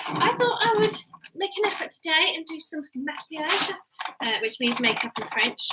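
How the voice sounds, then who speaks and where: A woman live-streaming from home, chatting in a rambling way and slipping into a soft mum voice while tidying toys. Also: a little high, very noisy. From United Kingdom. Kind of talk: casual live-stream chat. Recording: loud clatter of toys and dishes.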